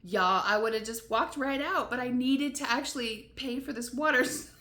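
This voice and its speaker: A woman's voice: a little high, moderate pace, pushed and bright. A woman van-life vlogger casually telling a long story to camera, rambling with lots of "like" and "you know" and laughing between her frustrations. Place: motel room. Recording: roomy echo.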